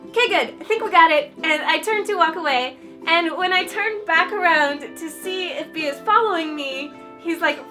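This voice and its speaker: A woman's voice: very high voice, pushed and bright. A young woman in her twenties telling a storytime vlog in a gushing, chatty way, full of "like". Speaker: YouTuber. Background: light ukulele music.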